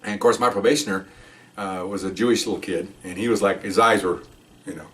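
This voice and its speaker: A man's voice: deep voice, steady tone, quick pace, a bit bright, recorded from a distance. A middle-aged man, a retired police officer, rambling through a story in casual talk and voicing the people in it. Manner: rambling, acts out quotes in a raised voice.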